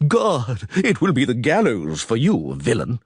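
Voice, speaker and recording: A man voicing a skinny, pompous male town official who crows and shouts shrilly. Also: mid-range voice, wildly swooping pitch, measured pace, husky, no room sound, studio quality, full character voice. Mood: indignant.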